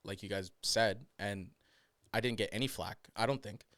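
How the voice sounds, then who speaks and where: A young man co-hosting a casual podcast chat, telling animated stories and slipping into mock voices. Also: fairly low pitch, moderate pace, no room sound. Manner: animated storytelling, slips into mock accents and voices. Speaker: podcast co-host.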